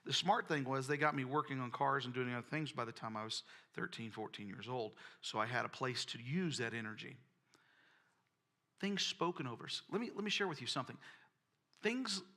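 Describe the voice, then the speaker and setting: A man's voice: fairly high pitch, pushed and bright. A man preaching a sermon, telling folksy personal stories and often repeating words. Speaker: pastor.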